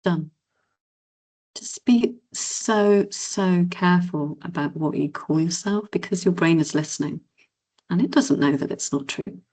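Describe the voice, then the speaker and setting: A middle-aged woman delivers a motivational keynote in a conversational, coaching style. Her voice sits on the low side. She jumps into high, cheerful tones whenever she plays out the kind inner voices she describes. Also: measured pace, darkish tone. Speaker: keynote speaker and confidence coach. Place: event hall or conference room.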